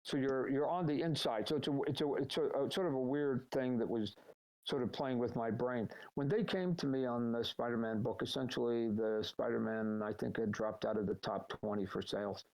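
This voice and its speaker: A middle-aged man, a guest in a casual live Q&A, telling animated, rambling stories over a voice chat call. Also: medium pitch, moderate pace, low-quality recording. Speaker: guest answering fan questions.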